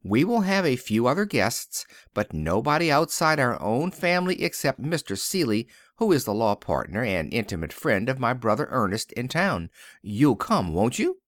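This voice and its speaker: An impulsive, warm-hearted young woman from an old-fashioned story, as a man reads her lines. She talks brightly and eagerly, her pitch lively. The recording is dry and close. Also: normal speed, no echo, natural voice.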